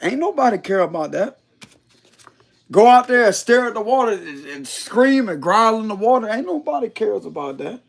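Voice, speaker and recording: Lively high-voiced man doing a slangy tarot reading. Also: moderate pace, vocal fry. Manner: blunt, slangy and profane, laughing often. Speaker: tarot reader. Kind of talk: casual tarot reading monologue.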